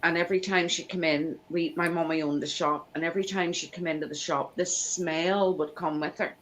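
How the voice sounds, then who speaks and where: A woman chats casually and tells family stories. Her voice sits a little low. She slips into the voices of the people she quotes as she goes. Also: a little fast, slight background noise, poor audio. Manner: animated anecdote teller, acts out quoted voices. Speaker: live chat host. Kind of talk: casual storytelling chat.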